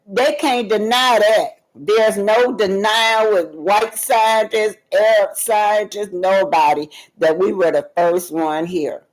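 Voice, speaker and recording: A woman's voice: medium pitch, rough recording. A woman hosting a casual live stream, reading viewer comments aloud and talking emphatically and directly to her audience. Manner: emphatic, addresses viewers directly, loose and talkative.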